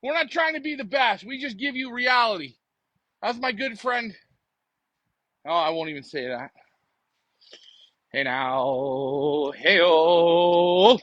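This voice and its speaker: Joking, high-voiced pigeon fancier. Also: male voice, animated, moderate pace, long pauses, sharp tone, highs cut off. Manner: joking, rambling, talks to viewers. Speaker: pigeon racing show host. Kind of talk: casual live-stream chat. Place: backyard pigeon loft, outdoors at night.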